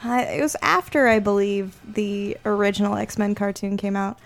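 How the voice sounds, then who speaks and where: A woman's voice: mid-range voice, fairly even intonation, moderate pace. Chatty woman podcast co-host. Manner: rambling, hedging, laughs often. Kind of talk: casual chat.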